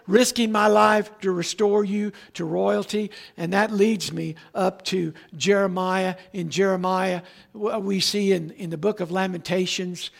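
A man's voice: high-pitched, vocal fry. A man preaching a sermon, reading Bible verses aloud and talking to his church. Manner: preaching with Bible readings, restarts, asides to the tech team. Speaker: pastor.

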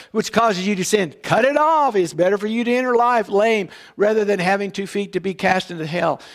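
A male pastor preaching a morning sermon in church, explaining scripture in a conversational way and often checking in with "all right?". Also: high voice.

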